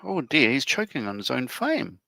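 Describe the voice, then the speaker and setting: A man hosting a casual livestream over a video call, full of quick jokes and quips. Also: medium pitch, wildly swooping pitch, creaky, sharp tone, no echo.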